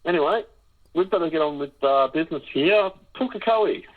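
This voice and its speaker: A man co-hosting a podcast in casual banter. He uses dry, self-mocking humour with lots of "uh" pauses. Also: a little high, animated. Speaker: podcast co-host. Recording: dull lo-fi line.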